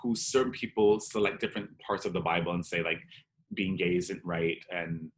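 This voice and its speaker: Candid man, low voice, acting out dialogue. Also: steady tone, moderate pace. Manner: candid and emotional, acts out dialogue, peppered with "like". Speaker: drag performer and interview guest. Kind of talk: personal storytelling in an interview.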